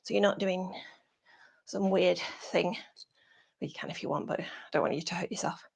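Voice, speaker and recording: A British woman teaching a yoga class over a video call, giving soft breathy cues that often drop to a whisper. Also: fairly low pitch, steady tone, moderate pace. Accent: British English.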